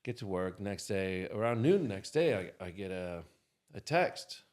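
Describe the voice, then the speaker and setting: A man telling an anecdote as a podcast guest, animated and acting out the people in his story. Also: deep voice, a little slow.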